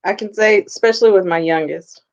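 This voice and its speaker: Blunt mother talking on a lo-fi podcast. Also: medium pitch. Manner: candid, blunt, speaks in drawn-out thoughts. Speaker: podcast host. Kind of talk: casual conversation. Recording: dull, muffled lo-fi audio.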